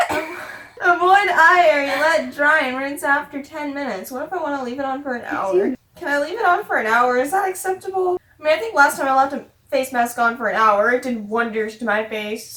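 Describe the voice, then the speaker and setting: A woman's voice: high-pitched, sharp tone. A young woman vlogging a casual beauty-product unboxing, giggly and rambling with lots of fillers. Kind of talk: casual chat. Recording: echoey room with faint noise.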